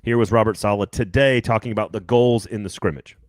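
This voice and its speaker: Fast-talking man hosting a sports show. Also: on the low side, no echo, clean studio sound. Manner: quick, rambling, joking. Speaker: podcast host. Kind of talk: casual sports chat.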